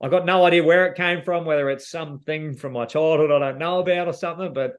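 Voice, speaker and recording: A man's voice: fairly high pitch, fast. An Australian man, a reality show contestant, openly retelling an emotional experience in a casual interview and acting out what people said to him. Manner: candid, emotional retelling that acts out quoted dialogue.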